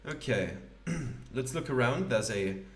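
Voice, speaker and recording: A man talks through his playthrough of a game in a casual, offhand way, with some hesitant asides. His voice sits at an ordinary pitch for a man. The recording is roomy and he sounds a bit far from the mic. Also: animated, slow. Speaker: let's play host. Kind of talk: casual gameplay commentary.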